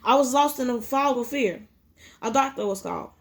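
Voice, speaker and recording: Woman reader, fairly high voice, amateur memoir read-aloud with stumbles. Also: normal speed. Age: adult with a child. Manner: unpolished reading with frequent restarts. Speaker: audiobook reader.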